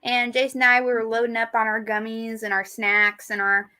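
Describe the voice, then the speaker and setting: A woman chats on a live talk show, her voice sitting a little high. She tells stories in a lively, joking way and laughs readily. Her tone is bright and forceful. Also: clean tone. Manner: chatty, joking storyteller, quick to laugh. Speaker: show co-host.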